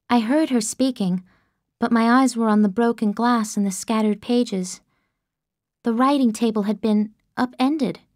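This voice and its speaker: A woman narrating a story in the first person in an earnest, expressive way, on a close studio mic. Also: fairly high pitch, no echo. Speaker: audiobook narrator.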